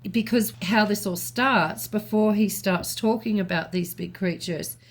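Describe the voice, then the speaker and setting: A woman co-hosting a talk show, reasoning aloud in a thoughtful, measured way with small restarts. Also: mid-range voice. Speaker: podcast co-host. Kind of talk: reflective conversational commentary.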